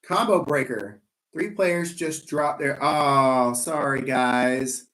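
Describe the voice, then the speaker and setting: A man's voice: medium pitch, slow pace, fairly bright tone. A man hosting a live trivia game, playful and rambling, teasing himself in asides between questions.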